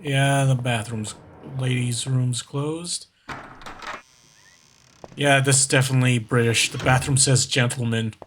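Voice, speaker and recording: A man's voice: mid-range voice, fairly even intonation, measured pace, fairly bright tone, a little hiss or hum. A man giving casual let's play commentary, rambling and joking at his own expense. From United States. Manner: rambling, jokey, laughs at himself. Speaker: gaming vtuber.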